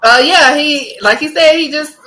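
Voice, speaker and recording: Her voice sits high and moves at a moderate pace as she co-hosts a relaxed podcast. With a Southern American accent, she tells animated stories, laughs a lot, and swears offhandedly.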